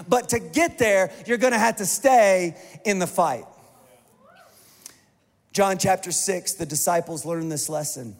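A male pastor with a high voice tells his congregation a story, lively and poking fun at himself. His words come out in quick bursts, and the big church hall leaves a long reverb trailing after each phrase, making this a storytelling sermon.

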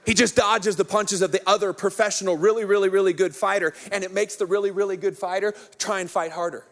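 A man in his thirties preaches with a fairly high voice. He retells the story with energy and humor, joking his way through the scene like a storyteller. The delivery is a casual, lively pastor's sermon. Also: fast talker, creaky.

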